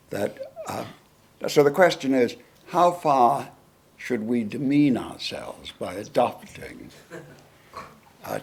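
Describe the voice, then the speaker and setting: A man, a guest lecturer, answering audience questions in a lecture hall in a deliberate, wry manner. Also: mid-range voice, vocal fry, a little mellow, slightly rough.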